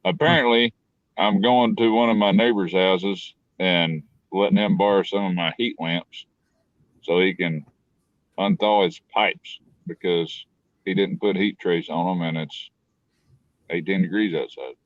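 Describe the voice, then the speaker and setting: A man's voice: low-pitched, unhurried, no room sound. A man chatting casually on a live stream, folksy and rambling, often restarting his sentences. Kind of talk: casual chat. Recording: dull lo-fi call audio.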